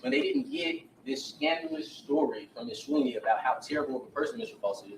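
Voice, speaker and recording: Fast, animated male attorney addressing a jury. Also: mid-range voice, background noise. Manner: emphatic, addresses jurors directly, retells witness accounts. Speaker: defense attorney. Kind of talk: courtroom opening statement to a jury. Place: courtroom. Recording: roomy courtroom audio from a distance.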